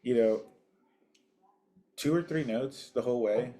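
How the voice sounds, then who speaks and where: A man's voice: mid-range voice, measured pace, warm tone. A man co-hosting a podcast, chatting in an easygoing, agreeable way over cigars and whiskey. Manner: easygoing, agreeable, lots of yeahs and likes. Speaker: podcast co-host.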